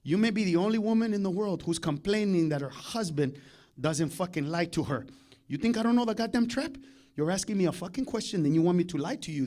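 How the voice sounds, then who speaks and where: A comedian voicing his blunt, foul-mouthed father with a gruff, lowered voice. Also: a little mellow, close to an everyday voice.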